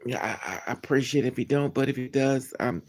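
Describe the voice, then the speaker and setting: A man hosting a livestream, telling a personal story to his viewers in a candid, animated, blunt way. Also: medium pitch, a little fast. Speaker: livestream host. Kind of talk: casual storytelling to a live chat.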